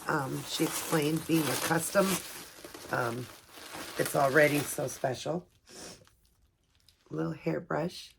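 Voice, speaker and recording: A woman at home filming an unboxing video for her vlog, talking softly and gushing with emotion. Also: sits low, steady tone, slow, gravelly, pauses often, noisy background. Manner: gushing, soft-spoken, emotional. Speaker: vlogger. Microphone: camera set up nearby.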